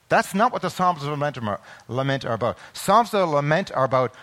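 Male pastor, sermon delivery, high and very animated voice, quiet asides that build into passionate shouts. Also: a little fast, hardly any pauses. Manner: swings from quiet explaining to loud impassioned crying out; acts out quoted voices of children and parents.

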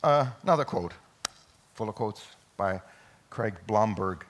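A man preaching a Sunday sermon in a church, emphatic, with sudden loud peaks. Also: lowish voice, expressive, unhurried, a little hiss or hum. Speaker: pastor.

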